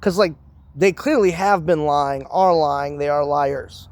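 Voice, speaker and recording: A man's voice: a little high, measured pace, dry recording. A man hosting his own channel, delivering a profane, emphatic solo rant from the United States. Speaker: channel host.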